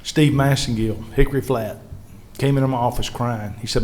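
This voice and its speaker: Speaking at a moderate pace with hardly any pauses, a man with a medium-pitched voice shares stories live before a history panel audience, with slight background noise. He's a state legislative leader, earnest and animated as he voices his colleagues' words.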